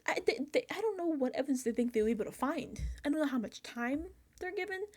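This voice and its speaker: Young woman, chatty recap host, animated storytelling, acts out everyone's reactions, casual close-mic delivery. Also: high-pitched, quick pace. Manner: chatty and excitable, laughs often. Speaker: reality show recap host.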